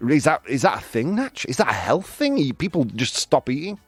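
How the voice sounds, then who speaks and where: A man hosting a radio show, chatting loosely and poking fun at himself. His pitch swings lively and the studio sound is dry and close. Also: a little fast, slightly rough, no room sound, soft background music. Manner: jokey, self-mocking, laughs often. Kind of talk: casual radio chat.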